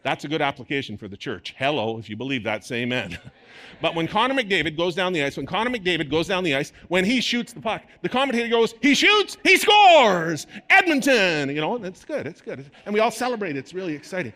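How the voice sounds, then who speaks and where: Guy preaching, voice jumps all over, kinda high. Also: fast. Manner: animated preaching, sports-commentator bursts. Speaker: pastor. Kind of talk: sermon.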